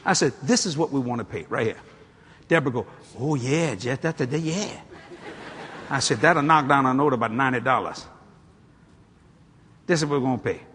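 A man preaching a sermon through a story, acting out the people in it and working up to loud shouts. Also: mid-range voice, normal speed, long pauses, breathy edge. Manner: animated, acts out the people in his stories, climbs to shouting.

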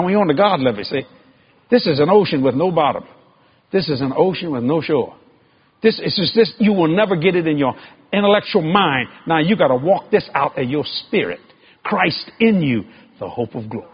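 A man preaching a sermon to a congregation, with emphatic stresses and sudden high shouted climbs. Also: husky, muffled recording.

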